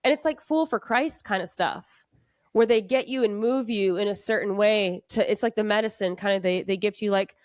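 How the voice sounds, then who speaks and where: A woman's voice: medium pitch, fairly quick, darkish tone, no room sound, studio quality. A woman hosting a podcast, chatting in a rambling way with lots of fillers and restarts. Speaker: podcast host. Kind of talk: casual chat.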